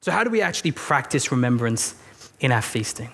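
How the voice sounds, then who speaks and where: A man's voice: mid-range voice, sing-song, fairly quick, creaky, fairly bright tone, breathy edge. A man preaching a sermon as a pastor, talking earnestly and conversationally, with storytelling, self-deprecating asides and frequent restarts. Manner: repeats words and restarts when thinking aloud.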